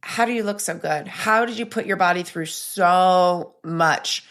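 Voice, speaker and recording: A woman's voice: lowish voice, measured pace, a bit bright. Woman podcast host, chatty and encouraging, lots of "wow" type reactions. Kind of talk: conversational interviewing.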